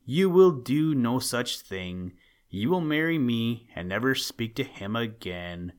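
A man's voice: medium pitch, sing-song, takes it slowly. Man doing a stern old male rattlesnake. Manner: stern, domineering.

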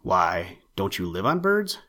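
A man's voice: on the low side, lively intonation, moderate pace, fairly bright tone. A man reading the part of a young male rabbit who asks eager, innocent questions. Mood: polite. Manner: eager, wide-eyed questioning.

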